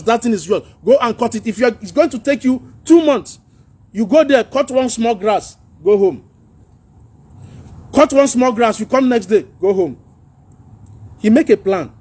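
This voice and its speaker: A Nigerian man with a husky, high, slightly mellow voice hosts a casual political talk livestream on social media. He preaches earnestly, mixes in pidgin and laughs at his own jokes.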